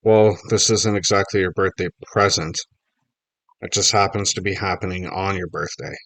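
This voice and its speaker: A man voicing an excitable middle-aged reporter dad, eager and teasing, bubbling over with news. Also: low voice, moderate pace, gravelly, dry recording. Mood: excited.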